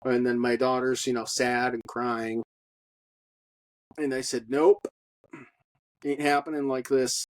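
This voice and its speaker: A man giving a personal testimony in a halting monologue, with many fillers and blunt profanity. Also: medium pitch, little pitch movement, rough recording. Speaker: storyteller.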